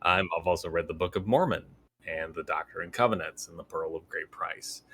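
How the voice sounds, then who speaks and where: A man co-hosting a podcast, chatting casually in an animated way and swearing freely. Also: low-pitched, a little fast, a little hiss or hum. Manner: animated and profane. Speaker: podcast co-host. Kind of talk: casual chat.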